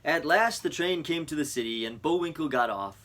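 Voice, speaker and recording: A man, a teacher, reading a children's picture book aloud to his students in an expressive storytelling voice. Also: on the high side, brisk.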